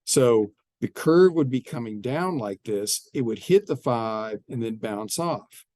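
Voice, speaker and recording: A man's voice: mid-range voice, animated, unhurried, a little mellow, no echo. A man teaching a math lesson, explaining step by step and often repeating his phrases. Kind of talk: classroom math lecture.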